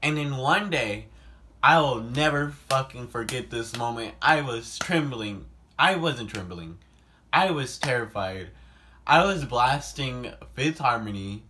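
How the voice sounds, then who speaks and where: A young man tells a storytime tale to camera in a bright, forceful voice. His delivery is animated and profane, full of "like" fillers and sudden loud bursts. There is faint noise in the background. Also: mid-range voice, measured pace. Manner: animated, swears often, heavy "like" filler, sudden loud outbursts. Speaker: vlogger. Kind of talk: casual storytime monologue.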